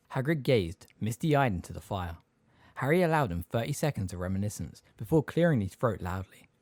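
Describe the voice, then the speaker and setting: A man reading a novel aloud as an audiobook, in expressive storytelling narration. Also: fairly low pitch, brisk, no room sound, studio quality. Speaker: audiobook reader. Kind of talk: scripted narration.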